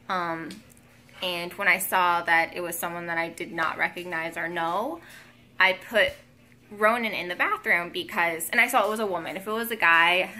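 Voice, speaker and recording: A woman's voice: on the low side, pushed and bright, slight background noise. A young woman vlogging at home, telling a story in a casual, emotional way, full of "um" and "like". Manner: emotional, lots of fillers like "um" and "like".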